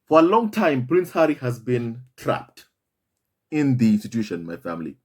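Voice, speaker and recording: A man's voice: medium pitch, sing-song, moderate pace, a little mellow, slightly rough. A man hosting a commentary video, speaking emphatically and repeating himself as he addresses his viewers as family. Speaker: commentary channel host. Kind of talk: impassioned commentary monologue.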